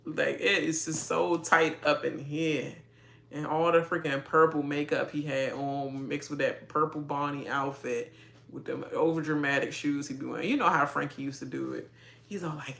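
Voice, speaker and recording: A sassy woman riffs through a casual reaction rant about reality TV. Her voice is bright and forward, and it jumps about with animated energy. She laughs often and talks straight to the viewer. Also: deep voice, moderate pace, vocal fry.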